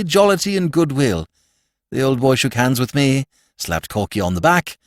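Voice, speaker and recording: A man reading a story aloud as a podcast narrator, telling it in an expressive, animated way. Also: on the high side, dry recording, studio quality. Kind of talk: scripted audiobook narration.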